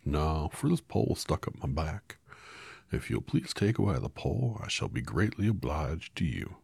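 A man doing the husky, friendly Scarecrow. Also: a bass voice, big pitch swings, normal speed, a little mellow, no room sound, exaggerated voice. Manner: cheerful, polite, naive. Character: friendly talking male scarecrow, simple and polite.

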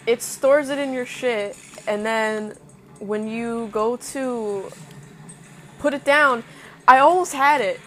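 A young woman talks her way through a video game, swearing freely and yelping at sudden attacks before dropping back to low mutters. Her speech is slow and unhurried, her voice on the higher side. A faint hiss of noise sits under the recording. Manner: swears often, reacts loudly to scares, mutters to herself. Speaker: gameplay streamer. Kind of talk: casual let's-play commentary.

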